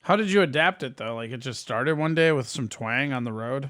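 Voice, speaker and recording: A man's voice: medium pitch, expressive, fairly quick, a bit bright. A man joining a comedy call-in stream, ribbing the caller with profane jokes. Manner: joking, profane banter. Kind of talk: casual chat.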